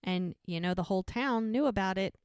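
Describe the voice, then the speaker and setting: Chatty woman recapping a show, crisp and dry. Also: mid-range voice, a little fast, dry recording. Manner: chatty storyteller, emotional, many fillers. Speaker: podcast co-host. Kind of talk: casual chat recapping a TV episode.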